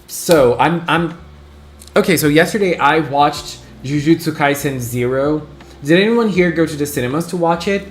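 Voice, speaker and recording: A man hosting a casual live stream, excitably chatting and greeting his viewers one by one. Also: fairly high pitch, moderate pace, a little hiss or hum. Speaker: livestream host. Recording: roomy echo.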